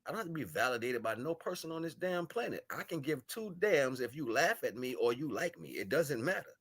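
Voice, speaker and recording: A man on a livestream giving a spiritual monologue, shifting between solemn murmurs, loud scolding and slangy, laughing chat with viewers. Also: medium pitch, big pitch swings, a little fast, breathy edge. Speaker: live stream host. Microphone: live stream microphone.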